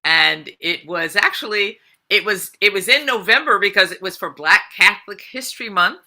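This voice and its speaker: A woman's voice: medium pitch, expressive, moderate pace, sharp tone. A woman guest musician answering the host's questions eagerly in casual talk over a video call.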